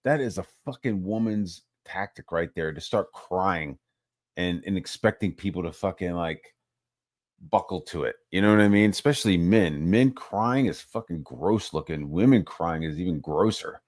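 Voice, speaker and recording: A man's voice: sits low, normal speed, no echo, studio quality. A man ranting casually about online drama, swearing a lot and mocking others in put-on voices. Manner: profane, animated, mocks others in put-on voices. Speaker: channel host.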